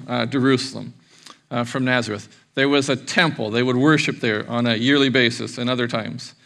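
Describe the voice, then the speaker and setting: A man in his forties preaching a sermon as pastor, chatty and animated, acting out little quotes along the way. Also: medium pitch.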